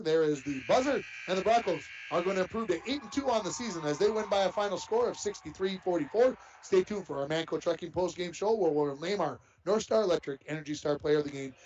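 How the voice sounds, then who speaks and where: A man's voice: on the high side, darkish tone. A man giving live play-by-play commentary on a basketball game, folksy and chatty between plays, on dull lo-fi broadcast audio. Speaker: play-by-play announcer.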